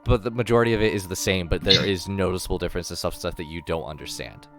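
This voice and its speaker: A man's voice: low voice, quick pace, fairly bright tone, faint music behind. A man running a tabletop game as dungeon master, rambling with lots of ums and self-corrections.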